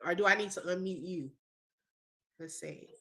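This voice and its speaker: A woman's voice: fairly low pitch, moderate pace, bright, forceful tone. A woman hosting a casual video-call chat, praising a former student with emotion and often saying "when I tell you". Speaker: host, former teacher.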